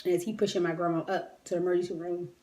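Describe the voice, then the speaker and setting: A woman's voice: lowish voice, level tone, very fast, dark tone. A woman retelling a personal story in a raw, emotional, conversational way, grieving and near tears. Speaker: vlogger.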